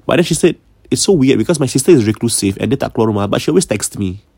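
A man with a Malaysian English accent telling a spooky story casually, chatty and dropping to a hush at the scary moments. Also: medium pitch, lively intonation, very fast, gravelly, no echo.

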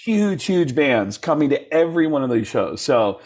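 A man with a slightly husky voice tells stories in a casual interview. His pitch swings widely as he goes. His delivery is animated and loose, the way a comedian chats. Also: normal speed. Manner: animated storyteller, jumps into voices when quoting people. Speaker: comedian guest.

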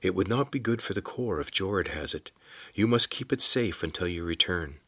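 A man voicing a kind, wise old man who speaks softly and gently. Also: sits low, lively intonation, breathy edge, dry recording, heavily acted. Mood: earnest. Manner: soft, kindly, unhurried counsel.

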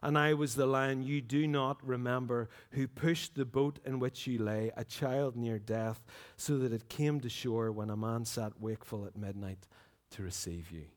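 A man voicing a vast, deep-voiced lion. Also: steady tone, natural voice. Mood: solemn. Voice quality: deep, large but quiet voice. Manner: slow, solemn and measured. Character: huge deep-voiced lion, calm and ancient. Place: church.

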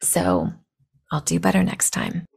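A woman's voice: fairly low pitch, steady tone, measured pace, gravelly, darkish tone. A woman in her fifties hosting a podcast, telling a personal story in a blunt, candid way, her voice scratchy from a cold. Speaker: podcast host.

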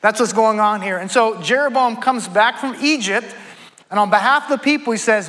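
A man giving a sermon in a high voice that sounds bright and forceful. He retells an old story in everyday talk and reads verses aloud. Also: fairly quick, low-quality recording. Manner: conversational, retells scripture in casual speech. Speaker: pastor.

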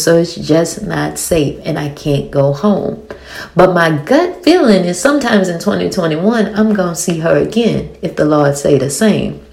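A woman in her forties with a thick Louisiana accent talks through a TV episode in a casual recap. Her voice sits low and has a gravelly edge. She is blunt and animated, swears freely, and fires off rhetorical questions. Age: 40s. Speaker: TV show reviewer.

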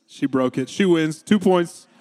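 A man in his thirties preaching a sermon, telling a family story with animated delivery and voicing his children. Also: a little slow, faint music behind. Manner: storytelling, animated, quoting his kids with raised pitch. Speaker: pastor. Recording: long hall reverb.

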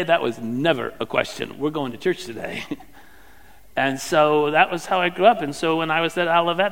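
A middle-aged man preaching a sermon, swinging from loud fervent questions to hushed, near-whispered lines. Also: on the high side, creaky. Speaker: pastor. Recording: long hall reverb.

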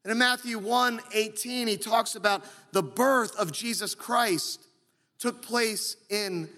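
A man preaching a sermon, slow and earnest, sometimes acting out quoted voices. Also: high-pitched, bright, forceful tone, long reverb tail. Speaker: pastor.

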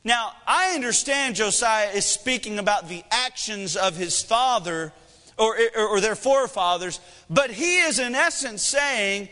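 A man in his thirties preaches with a high, bright, forceful voice, mixing humor and pointed questions. The sound carries a long reverb from a church hall. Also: animated, a little slow. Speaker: pastor. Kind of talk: sermon.

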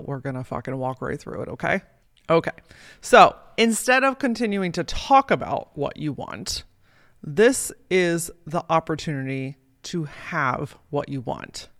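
A woman's voice: deep voice, expressive, moderate pace, dry recording. A woman life coach delivers a motivational podcast monologue, punchy and casual, dropping swear words as she pushes her listeners. Her voice sits close on the mic in a dry, deadened space. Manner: casual, emphatic and sprinkled with swearing.

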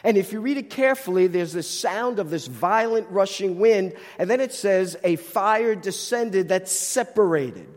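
A man with a New Jersey accent delivers a teaching sermon, working through the text and posing rhetorical questions. His voice sits high for a man. The sound carries the long reverb of a large hall. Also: expressive, moderate pace, hardly any pauses. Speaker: Bible teacher.

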